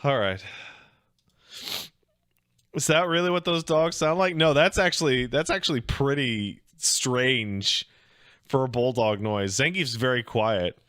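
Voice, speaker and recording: A man hosting a casual reaction show, swearing freely, laughing loudly and rambling in asides. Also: mid-range voice, measured pace, pauses often, clear, resonant tone, no room sound, studio quality. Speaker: host reacting to videos.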